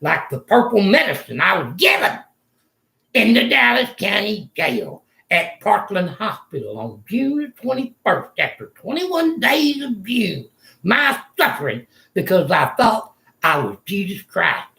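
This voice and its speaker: A man's voice: high voice, huge pitch swings, measured pace, creaky, sharp tone, echoey room. An older man, ranting angrily and profanely in a rambling vlog monologue from a room in a retirement home. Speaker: vlogger.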